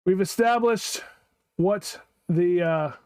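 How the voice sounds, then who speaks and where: A man hosting a podcast, excitable and rambling, often repeating his words. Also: high voice, takes it slowly, clear, resonant tone, dry recording, poor audio. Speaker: podcast host. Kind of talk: casual chat.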